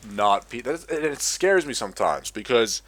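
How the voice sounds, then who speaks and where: A man's voice: mid-range voice, lively intonation, normal speed, fairly bright tone. A young man ranting profanely in a casual gaming commentary. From Australia. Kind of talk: casual rant over gameplay.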